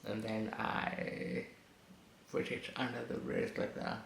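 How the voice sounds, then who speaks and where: A man's voice: on the low side, wildly swooping pitch, takes it slowly, gravelly, fairly bright tone, slight background noise. A man vlogging casually with a slight lisp from new braces, chatty and rambling, swearing now and then. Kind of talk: casual storytelling vlog. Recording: echoey room.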